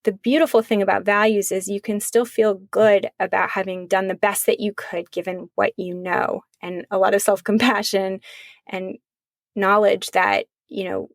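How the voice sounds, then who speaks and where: A middle-aged woman psychologist, a podcast co-host speaking as an author guest, talking earnestly in long measured thoughts. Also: medium pitch, flat delivery, gravelly, no echo, clean studio sound. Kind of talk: reflective conversational podcast talk.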